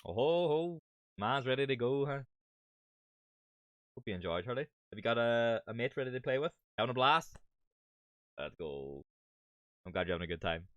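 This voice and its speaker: A man's voice: medium pitch, lively intonation, moderate pace, long pauses, fairly bright tone, no room sound, dull audio. A man with an Irish accent streaming a game, chatting with viewers in a rambling way and swearing now and then. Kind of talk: casual gameplay commentary.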